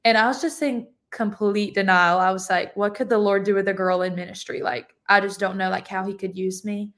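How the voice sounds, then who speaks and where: A woman's voice: mid-range voice, steady tone, brisk, a bit bright. Young woman, podcast guest, casual storytelling, lots of "like". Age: young adult. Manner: chatty, heavy use of "like" fillers. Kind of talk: casual testimony.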